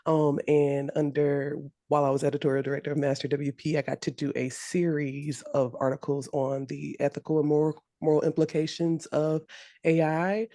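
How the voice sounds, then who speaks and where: Female developer, voice nearly gone, low and warm, dry close call audio, enthusiastic panelist. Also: level tone, normal speed, dry recording. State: lost her voice, speaking low. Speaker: WordPress developer and instructor. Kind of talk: webinar panel introduction.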